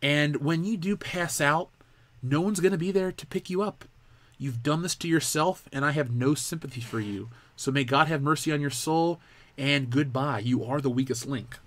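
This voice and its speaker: A man's voice: fairly high pitch, moderate pace. A young man hosting a live pop culture show, ranting in a heated, profane way. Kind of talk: live-stream commentary rant.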